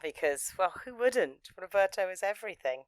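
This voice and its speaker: Brief: enthusiastic woman co-host, mid-pitched voice, gushing, dry close-miked sound. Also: animated, normal speed, no room sound, low-quality recording. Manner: gushing, enthusiastic, acts out lines playfully. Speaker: podcast co-host. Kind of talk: casual review chat.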